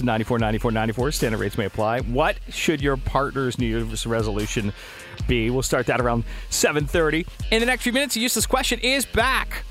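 A man's voice: medium pitch, expressive, quick pace, a bit bright, faint music behind. A man co-hosting a morning radio show, chatting casually, laughing often and reading out listener texts.

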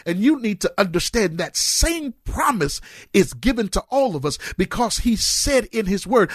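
Fervent husky-voiced man preaching. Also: high-pitched, sing-song, normal speed, no echo, clean studio sound. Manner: fervent preaching, rising to shouts and sung phrases. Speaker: pastor. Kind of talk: sermon. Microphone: close mic on a cord.

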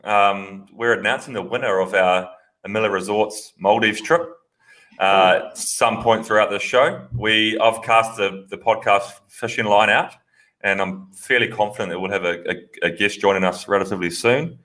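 Low-voiced man, rambling. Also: normal speed. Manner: relaxed, rambling, self-mocking. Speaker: podcast co-host. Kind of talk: casual banter.

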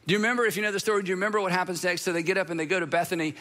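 In his sermon, this pastor's high, bright and forward voice races along with a steady tone. He stresses repeated phrases with earnest emphasis and sinks nearly to a whisper for effect.

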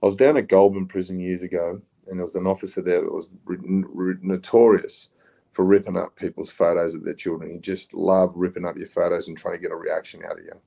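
Gravelly, deep Australian man. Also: flat delivery, fairly quick, dark tone. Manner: blunt, plain-spoken, swears, says "mate". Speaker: podcast guest, former prisoner. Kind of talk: casual interview talk.

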